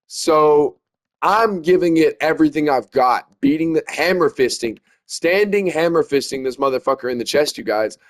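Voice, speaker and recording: A young man tells a story straight to his viewers, cursing freely and leaning hard on every point. His voice sits somewhat high for a man, and he keeps calling his audience guys and bro. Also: moderate pace. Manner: profane, emphatic, addresses viewers as guys and bro. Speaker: storyteller vlogger.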